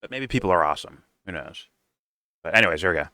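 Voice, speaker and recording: A man's voice: deep voice, animated, fast, pushed and bright, no room sound, clean studio sound. Blunt, profane man reacting to a clip. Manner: blunt, profane, rambling with restarts. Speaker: reaction streamer. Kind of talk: casual profane reaction commentary.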